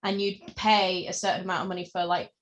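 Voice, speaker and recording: A woman's voice: on the low side, level tone, brisk. A woman co-hosting a podcast in casual chat, rambling through tangents with lots of fillers. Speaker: podcast co-host.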